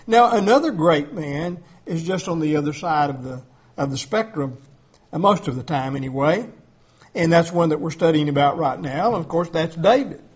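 A high-voiced man delivers a sermon in a conversational, emphatic way. He leans on filler words and restarts as he builds his points, and his pitch sits well above most men's. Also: darkish tone, slightly rough. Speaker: preacher.

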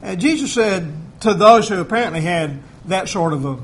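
A man preaching a sermon in a plain, folksy, conversational way, with a notably high voice for a man. He walks through scripture and acts out the voices of the people he quotes. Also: animated, moderate pace, fairly bright tone. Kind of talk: sermon, Bible teaching.

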